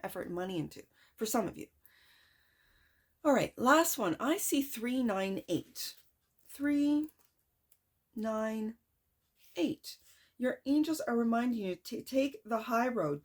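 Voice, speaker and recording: Excitable woman tarot reader, slightly high voice, emphatic delivery. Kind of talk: tarot reading to camera.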